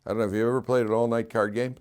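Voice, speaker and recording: A man's voice: mid-range voice, racing, clean tone. A middle-aged man, a rabbi, teaching a class, telling anecdotes with laughter and putting questions to the room. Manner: animated storyteller, laughs through anecdotes, asks the room questions. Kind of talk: storytelling Torah class. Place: classroom with listeners.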